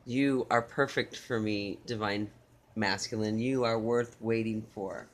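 A man reading channeled love messages in a soft, tender way, with repeated phrases and pauses. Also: on the low side, fairly even intonation. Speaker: spiritual reader.

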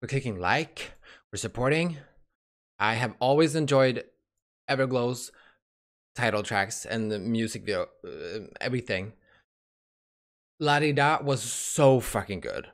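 A young man making a K-pop reaction video, a little out of breath, excitable and swearing, gasping and exclaiming as he talks. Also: medium pitch, measured pace, long pauses. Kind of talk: casual reaction commentary. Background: music playing faintly.

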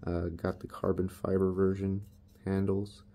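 A man with a deep, gravelly voice talks through his knife collection in a relaxed, wandering way, poking fun at himself as he goes. His tone is dark and mellow, and faint noise sits under the recording. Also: a little slow. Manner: laid-back, rambling, self-deprecating. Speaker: knife reviewer. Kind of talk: casual product review.

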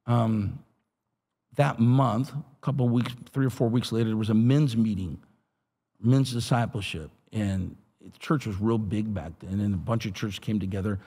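A middle-aged man, a pastor, telling his testimony in an animated, street-talking way. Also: on the low side, a little slow, pauses often, breathy edge. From Los Angeles area. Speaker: pastor and guest. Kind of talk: storytelling testimony.

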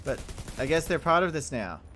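A young man hosting a let's play, chatting excitably and joking at himself over the game. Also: a little high, brisk, a little hiss or hum. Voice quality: chatty, excitable, self-mocking. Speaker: gaming channel host.

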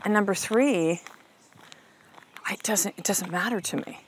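A woman's voice: medium pitch, a little slow, slight background noise. A woman life coach hosting a motivational podcast, talking casually and emphatically, full of "like" and "right?" and the odd swear word, calling her listener "sister.". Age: adult mother of a six-year-old. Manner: casual, chatty, frequent "like" and "right?", swears freely.

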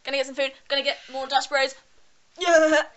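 A woman's voice: high-pitched, fairly even intonation, fairly quick, fairly bright tone, poor audio. A young woman chatting in a casual vlog, bubbly and giggly, filming herself at arm's length. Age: young adult. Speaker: vlogger.

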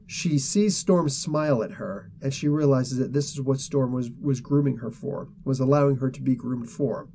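A man's voice: mid-range voice, normal speed, hardly any pauses, mellow, a little hiss or hum. Rambling man retelling a comic. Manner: rambling, filler-heavy retelling. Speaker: comic book reviewer host. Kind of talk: casual comic book review.

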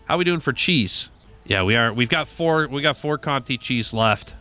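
A man's voice: mid-range voice, expressive, normal speed, sharp tone, soft background music. A man narrating a shop game, chatting to customers in a cheery shopkeeper manner. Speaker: gaming YouTuber. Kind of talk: playful let's-play commentary.

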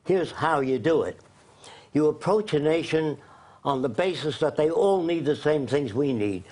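A man's voice: a little high, lively intonation, normal speed, a little mellow. Blunt, lecturing man. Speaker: interview guest. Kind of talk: lecturing in an interview.

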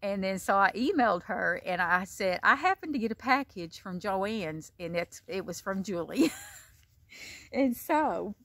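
A woman's voice: medium pitch, expressive, a little slow, fairly bright tone, dry recording. An older woman, chatting casually in a show-and-tell vlog and gushing over gifts she received. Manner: gushing, effusive, repeats "gorgeous" and "beautiful". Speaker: crochet vlogger.

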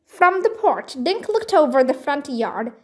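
A woman reading a children's mystery book aloud, slow and careful. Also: sits high, big pitch swings, a little mellow. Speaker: storybook reader.

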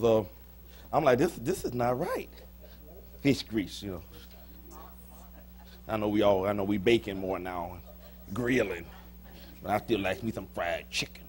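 A man preaching a sermon as pastor, folksy and joking with the congregation, swinging between soft asides and sudden shouts. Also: mid-range voice. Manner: folksy, humorous, talks to the congregation. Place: church sanctuary.

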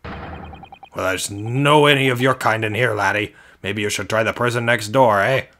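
A man reading as a gruff, hostile prison governor. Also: on the low side, animated, moderate pace. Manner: reading dialogue aloud, slightly louder.

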